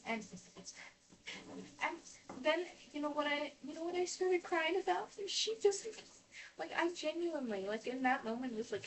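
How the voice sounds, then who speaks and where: A woman telling a long personal story in casual, rambling talk, restarting her sentences and filling them with "like" while she washes dishes at home. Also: sits high. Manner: rambling with many restarts and fillers. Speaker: vlogger. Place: home kitchen, indoors. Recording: voice distant from the mic.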